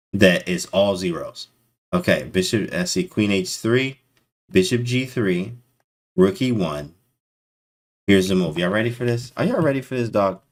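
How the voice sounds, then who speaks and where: A man commentating chess live to his stream chat, excitable and disbelieving, talking in casual slang. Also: lowish voice.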